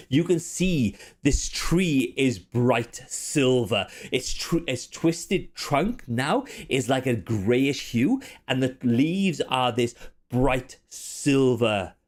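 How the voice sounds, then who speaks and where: A man running a tabletop game as game master, narrating scenes in a laid-back way. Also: mid-range voice.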